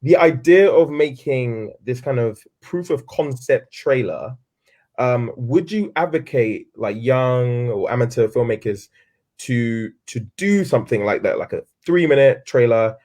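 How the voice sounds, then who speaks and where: A male interviewer with a voice of middling pitch. He asks long, winding questions and fills them with ums and uhs. The tone is casual, conversational talk. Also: expressive, a little slow, darkish tone. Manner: hesitant, many fillers.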